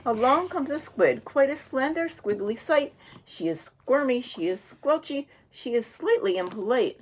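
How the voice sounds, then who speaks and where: A woman teacher reads a children's rhyming story aloud, in a rhythmic sing-song. Her voice sits somewhat high. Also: animated, measured pace.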